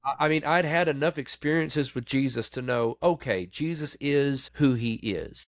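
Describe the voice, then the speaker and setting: Speaking at a normal pace, this man is a pastor recounting grief and faith in a podcast interview. His manner is candid and conversational, he performs the voices he quotes, and he drops quiet and low over the painful parts. Studio quality, no echo.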